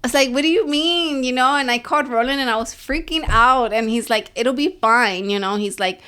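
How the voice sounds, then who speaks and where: A woman's voice: on the high side, brisk, bright, forceful tone, smooth. A woman in her twenties co-hosting a podcast, telling a story in casual chat and switching between Spanish and English. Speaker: podcast co-host.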